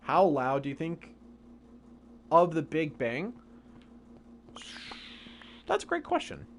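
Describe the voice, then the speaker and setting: A man's voice: on the high side, huge pitch swings, slow, slight background noise. A young man live-streaming a game, casually and patiently explaining science questions from chat.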